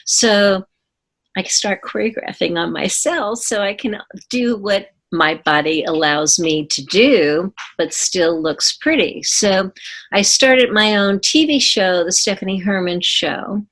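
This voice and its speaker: A woman in her seventies, a former ballerina, telling her story in an interview with earnest, unhurried speech and thoughtful pauses. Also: mid-range voice, a bit bright. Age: 70s.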